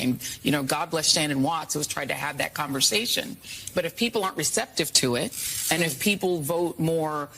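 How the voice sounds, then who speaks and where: A woman giving measured political commentary, pausing with fillers. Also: low-pitched, creaky, fairly bright tone, a little hiss or hum, low-quality recording. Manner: hesitant, with filler pauses.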